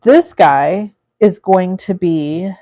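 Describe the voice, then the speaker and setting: Slow, mellow-voiced woman crafting live. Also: lowish voice. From California. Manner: chatty, thinks aloud, reads out viewer comments. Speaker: crafting livestream host. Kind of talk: casual live crafting demo.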